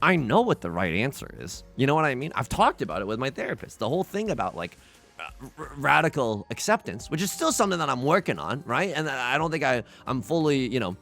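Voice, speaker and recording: Rambling young man with lively pitch. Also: fast, creaky, soft background music. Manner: rambling, self-interrupting, frequent restarts. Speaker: let's play host. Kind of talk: casual game commentary.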